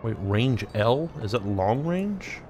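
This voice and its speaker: A man's voice: mid-range voice, sing-song, takes it slowly, a little mellow, slight background noise. A man hosting a let's play, thinking aloud and reading game text as he plays. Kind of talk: casual gameplay commentary.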